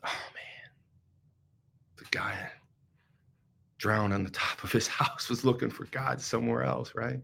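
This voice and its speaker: A man hosting a devotional podcast, telling a story dramatically and swinging from hushed whispers to loud pleading. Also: medium pitch, steady tone, unhurried, gravelly, long pauses, breathy edge. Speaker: podcast host.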